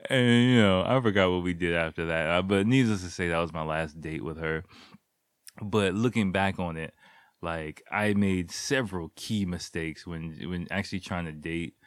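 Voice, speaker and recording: A man's voice: deep voice, normal speed, no room sound, studio quality. A man in his thirties casually telling a rambling, profane personal story, full of fillers and restarts. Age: 30s. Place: living in Japan.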